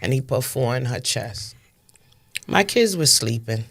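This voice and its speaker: As an interview guest, this fifty-something New Yorker from Brooklyn testifies with passion and emphasis, repeating phrases to drive points home. She has a very deep, somewhat bright voice with lively intonation, speaking a little slowly.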